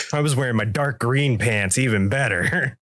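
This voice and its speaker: A man's voice: mid-range voice, bright, forceful tone, dry recording. A man co-hosting a podcast, telling a story in loose, profane chat and acting out the quoted lines. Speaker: podcast co-host. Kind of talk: casual storytelling.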